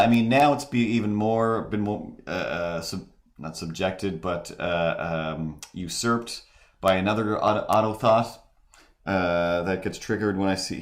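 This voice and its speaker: A man with a deep, low voice talks casually on his live stream, wandering from thought to thought. He stops and restarts often, padding his sentences with fillers. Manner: rambling, halting, many restarts and fillers; mimics voices in quoted asides. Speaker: streamer and host. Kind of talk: casual rambling stream chat.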